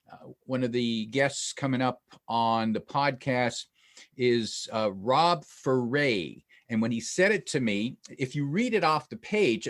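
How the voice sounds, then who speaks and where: A man hosting a podcast interview, talking conversationally with small restarts. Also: mid-range voice. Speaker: podcast host.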